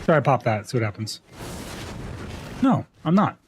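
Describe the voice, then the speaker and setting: A man's voice: mid-range voice, very animated, moderate pace, a little hiss or hum. A man streaming live, chatting casually and joking playfully with his chat.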